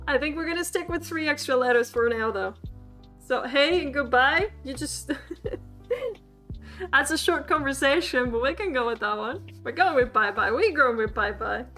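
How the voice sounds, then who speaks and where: Woman, playful livestream lesson, giggly, sharp bright tone, high pitch. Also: measured pace, long pauses, faint music behind. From Sweden. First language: Swedish. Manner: giggly, laughs often, playful and chatty with chat. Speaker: streamer teaching a language class.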